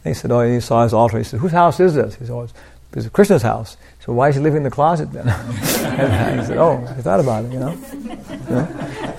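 An older man giving an informal devotional talk, rambling through anecdotes with lots of "you know" and soft laughs. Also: medium pitch, vocal fry. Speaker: preacher.

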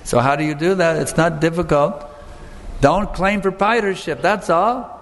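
A man's voice: fairly high pitch, moderate pace, a little hiss or hum. A man giving an earnest devotional lecture, stressing points and putting questions to his listeners. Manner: earnest, emphatic, asks the audience questions. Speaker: spiritual teacher. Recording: long hall reverb, faint room ambience.

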